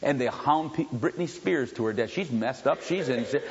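A man's voice: lively intonation, normal speed, a crowd in the background. Man preaching in an echoing hall. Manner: swings from low, quiet storytelling to loud shouted preaching. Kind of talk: sermon. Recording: dull lo-fi sound with long hall reverb.

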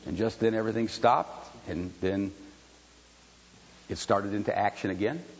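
A man preaching a sermon, moving between quiet storytelling and loud, shouted exhortation. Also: fairly low pitch, normal speed, a little hiss or hum. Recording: dull lo-fi sound with long hall reverb.

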